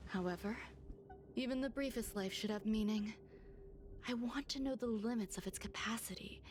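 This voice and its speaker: A woman reading the lines of a detached female genius scientist from a video game, speaking calmly in a soft half-whisper. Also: on the high side, normal speed, slight background noise, close to an everyday voice.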